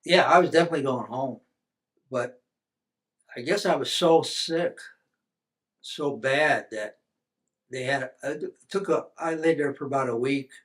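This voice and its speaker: A man's voice: mid-range voice, measured pace, long pauses, a bit bright. An older man from the United States, a veteran telling his story in an oral history interview, rambling with many restarts and fillers.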